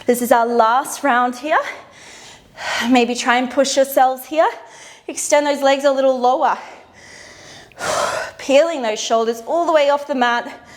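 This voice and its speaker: Her voice is high-pitched and a little slow, and she pauses often. She's a fitness instructor in an indoor workout studio, leading a dumbbell routine while out of breath and calling out moves with upbeat encouragement.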